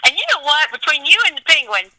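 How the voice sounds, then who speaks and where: A woman's voice: sits high, animated, quick pace, pushed and bright, no echo, low-quality recording. A woman from Atlanta, a songwriter, chatting on a radio show in a bubbly, gushing way and laughing often. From Atlanta, Georgia. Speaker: guest songwriter. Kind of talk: casual radio chat.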